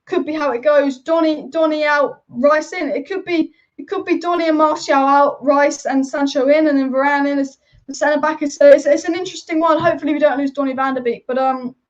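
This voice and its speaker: High-voiced woman ranting about football. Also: fairly even intonation, a little fast. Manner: opinionated, rambling, passionate. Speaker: football channel host. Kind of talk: live-stream chat reading viewer comments. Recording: dull lo-fi stream audio.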